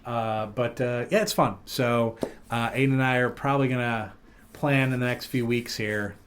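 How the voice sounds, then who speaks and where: A man's voice: mid-range voice, moderate pace, a little hiss or hum. A man hosting a podcast, chatting casually and telling stories with plenty of fillers and restarts. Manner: rambling, animated storytelling with fillers and laughs. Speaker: podcast host. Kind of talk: casual chat.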